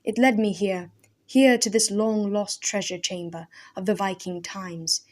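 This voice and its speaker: A woman's voice: medium pitch, fairly even intonation, measured pace, lightly acted. A woman doing a wild mad old hermit. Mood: fervent. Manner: intense, archaic speech, shouting then hushed.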